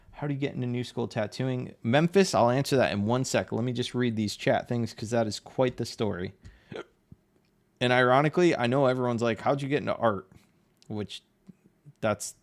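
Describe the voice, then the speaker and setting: Gravelly-voiced Northeastern American man. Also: mid-range voice. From Connecticut, USA. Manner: chatty, reads chat aloud, laughs often. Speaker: livestreaming artist. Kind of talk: casual livestream chat while drawing.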